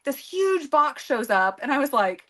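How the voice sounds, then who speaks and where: A woman's voice: high-pitched, very animated, a little slow, a bit bright. Chatty woman rambling with fillers. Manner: rambling, with many fillers and restarts. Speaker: co-host of a beading livestream. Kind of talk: casual chat.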